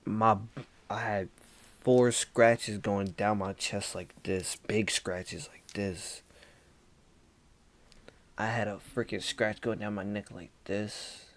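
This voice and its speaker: A young man casually telling a spooky dream story, acting out lines with sudden whispers and shouts and calling the listener "bro". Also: lowish voice, steady tone. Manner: slow, dramatic, acts out quoted lines with whispers and shouts.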